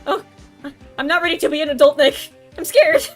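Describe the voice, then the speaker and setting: A woman voicing an excitable, bubbly teenage girl sidekick while reading game dialogue aloud. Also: high-pitched, a little slow, faint music behind, heavily acted. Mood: excited. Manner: gushing, squealing and loud.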